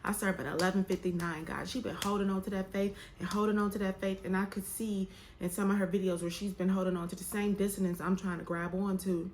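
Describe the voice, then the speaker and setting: A woman's voice: mid-range voice, fairly even intonation, fast talker, hardly any pauses, darkish tone. A young woman vlogging to camera, candid and emotional as she talks about faith and waiting, with a colloquial, drawling way of speaking. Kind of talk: casual heartfelt chat to camera. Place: room with some echo.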